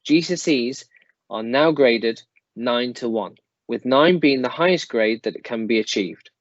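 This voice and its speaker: A man giving a formal, measured presentation to parents as a school staff member. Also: mid-range voice, no room sound. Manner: measured, formal, explanatory delivery. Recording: slightly dull, dry close recording.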